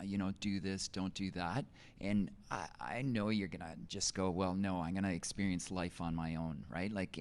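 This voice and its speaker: Middle-aged male teacher, very low voice, casual testimony full of fillers and restarts. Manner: conversational, many fillers and restarts. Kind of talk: personal testimony in an interview.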